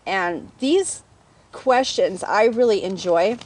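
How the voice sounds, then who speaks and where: A woman's voice: medium pitch, expressive, takes it slowly, a little mellow. A woman business coach teaching in a casual, conversational way, often checking in with her viewers. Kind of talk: casual teaching talk to camera.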